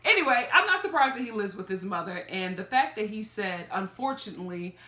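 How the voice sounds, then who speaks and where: A woman's voice: medium pitch, animated, a little fast, pushed and bright, reverberant. A woman vlogger giving a chatty, sassy review of a reality TV episode, laughing and throwing in asides. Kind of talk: casual gossipy commentary.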